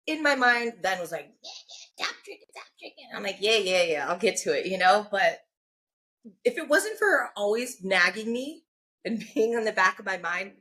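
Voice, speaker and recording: A woman with a mid-range, slightly bright voice appears as a podcast guest, candidly sharing her personal story. She often acts out what other people said and sprinkles her speech with "like" and "you know."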